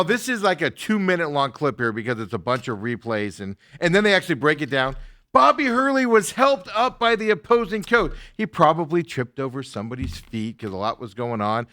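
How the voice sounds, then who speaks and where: A man hosting a sports talk show, ranting casually, laughing often and mocking people with quick impressions. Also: fairly high pitch, pushed and bright, dry recording, studio quality.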